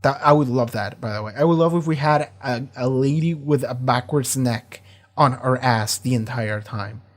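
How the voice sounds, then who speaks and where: A man's voice: medium pitch, normal speed. Profane, rambling man reacting to a show. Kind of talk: casual reaction commentary.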